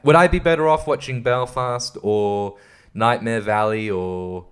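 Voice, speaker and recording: A man's voice: lowish voice, a little slow, clear, resonant tone. Profane, rambling man ranting about a film. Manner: stumbles and laughs between thoughts. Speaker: podcast host. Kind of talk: casual film review rant.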